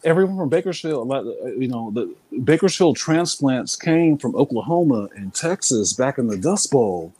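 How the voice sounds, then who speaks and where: A man from California, a guest in a casual conversation, telling lively stories and repeating phrases as he goes. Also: medium pitch, normal speed, few pauses, husky, no echo, poor audio. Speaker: interview guest.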